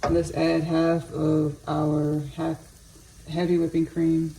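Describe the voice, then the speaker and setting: Gravelly-voiced woman chatting while cooking. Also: sits low, completely flat delivery, slow pace, warm tone. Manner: rambling, chatty, drifts into spiritual asides. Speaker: home cook vlogger. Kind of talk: casual cooking commentary. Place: home kitchen.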